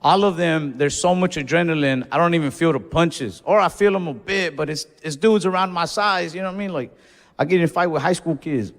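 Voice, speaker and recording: Young male comic, gravelly and laid-back, profane storyteller; live club mic, reverberant hall, faint crowd bed. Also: on the high side, a little fast. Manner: laid-back, profane, acts out his own shouts. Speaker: stand-up comedian. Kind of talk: stand-up storytelling. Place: comedy club stage. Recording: live room with long reverb.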